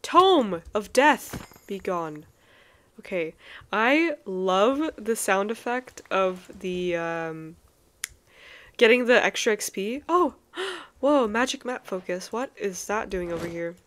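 A young woman giving casual gameplay commentary as a let's play host, excitable, with frequent gasps and exclamations. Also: medium pitch, takes it slowly. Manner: excitable, gasping and exclaiming often.

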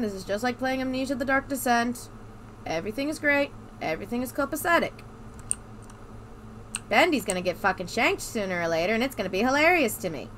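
A woman with a high, bright voice gives let's play commentary on a horror game. She chatters nervously, keeps reassuring herself and swears freely. A faint clatter of keyboard typing sits in the background. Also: lively intonation, normal speed, a little hiss or hum. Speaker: gamer.

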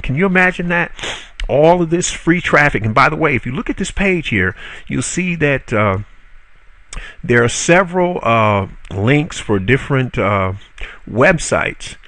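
Male marketing instructor with a gravelly voice and a dry, close sound. Casual and salesy, full of "uh"s and asides to the viewer. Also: mid-range voice, fairly bright tone, dry recording. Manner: conversational, frequent "uh" fillers and self-corrections; salesy, rhetorical questions to the viewer. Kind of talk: spoken video tutorial.

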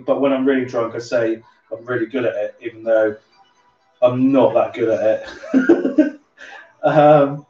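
A man with a light Somerset twang hosts a relaxed drink-along stream and chats on in a loose, rambling way. He sounds set back from the mic in an echoey room. The audio is slightly dull, with faint music underneath. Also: medium pitch, measured pace, pauses often. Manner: chatty, rambling, swears casually. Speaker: livestream host. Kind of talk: casual drink-along chat. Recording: roomy, distant, dull sound with music behind.

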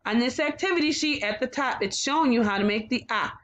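A woman teaching a phonics lesson to young children, sounding out letters slowly and praising them often. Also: a little high, muffled recording, slight background noise. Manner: slow, encouraging, sounds out letters. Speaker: kindergarten teacher.

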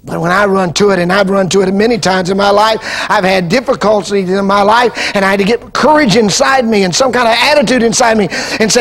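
A man preaching an impassioned sermon that rises into shouts and calls for the congregation to answer. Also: high-pitched, brisk, hardly any pauses. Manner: impassioned, rising into shouts and call-and-response. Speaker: pastor. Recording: archival 2000 TV broadcast.

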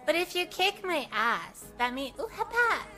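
A woman's voice: sits high, sing-song, moderate pace, music in the background. A woman streamer chatting casually, playful and silly, giggling often.

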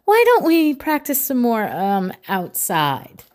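A woman voicing a patient flamingo schoolteacher who calms her class. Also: fairly high pitch, takes it slowly, voice pushed up, heavily acted. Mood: reassuring. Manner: gentle and reassuring. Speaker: teacher.

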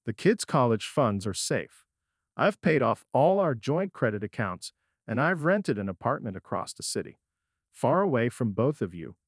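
A man's voice: mid-range voice, sing-song, moderate pace, dry recording, clean studio sound. A man voicing a cold, bitter husband who has found out his wife's betrayal, speaking in a cutting, unforgiving way.

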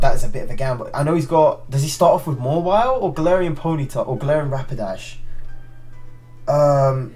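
A man's voice: medium pitch, darkish tone. A man giving let's play commentary, thinking aloud and ranting in frustration, with frequent restarts and muttered swearing. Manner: frequent restarts and swearing under his breath. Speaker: gaming channel host.

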